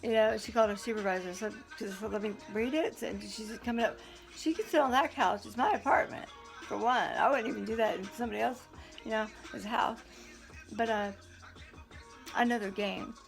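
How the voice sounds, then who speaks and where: A woman's voice: mid-range voice, steady tone, a little fast, gravelly. Woman venting to the camera, blunt and fed up, chatty, music going behind her. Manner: blunt, indignant, talkative. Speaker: vlogger. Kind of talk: casual storytelling to camera.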